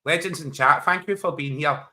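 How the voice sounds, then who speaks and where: A man's voice: a little high, normal speed, crowd noise. A man co-hosting a football watchalong livestream, teasing his co-host with laughter and casual chat.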